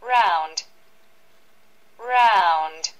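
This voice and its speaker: Slow, deliberate woman reading vocabulary. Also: on the low side, fairly bright tone, rough recording. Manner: says each single word twice, with pauses. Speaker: vocabulary reader. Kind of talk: slow word-list reading for learners.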